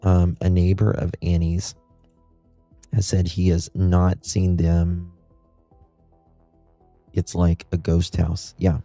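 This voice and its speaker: Male livestream host, deep mellow voice, dry close sound, ponders aloud. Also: monotone, slow pace, long pauses, no room sound, soft background music. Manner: musing, thinks aloud with rhetorical questions. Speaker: true-crime livestream host. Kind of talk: casual livestream commentary.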